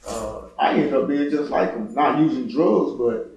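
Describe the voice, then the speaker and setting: A man's voice: medium pitch, expressive, creaky, darkish tone, highs cut off. Middle-aged man sharing his testimony, stumbling and repeating, recorded far off in a very roomy space. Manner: halting, repeats words, heartfelt. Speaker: interviewee giving testimony. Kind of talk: personal testimony interview. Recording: echoey room, distant mic, faint noise.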